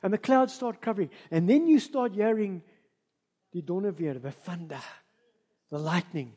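A woman with a South African accent preaching a sermon, moving between soft asides and loud, emphatic passages. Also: lowish voice, animated, moderate pace, breathy edge.

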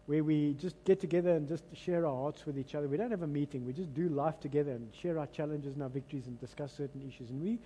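High-voiced South African pastor preaching. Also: male voice, a little hiss or hum. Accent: South African English. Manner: animated, dramatic storytelling delivery. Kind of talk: sermon with call-and-response. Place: church hall. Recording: long hall reverb.

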